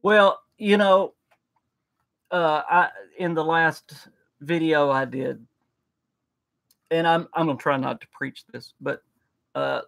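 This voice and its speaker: A man chats casually on a live reaction stream, eager and rambling, often restarting his sentences. His voice sits a little high and has a gravelly, fry-laden edge. The sound is dry and close, with no room echo at all. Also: a bit bright. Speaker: livestream co-host.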